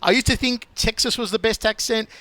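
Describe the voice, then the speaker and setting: Man, guest, high bright voice, crisp, enthusiastic. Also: a little fast, no room sound. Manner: enthusiastic, effusive opinions. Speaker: radio show guest. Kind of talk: casual chat.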